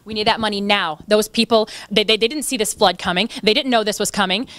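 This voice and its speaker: A woman's voice: mid-range voice, steady tone, fast talker, a bit bright, no echo. A woman activist speaking in an interview, impassioned and indignant. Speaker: activist guest. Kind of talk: interview conversation.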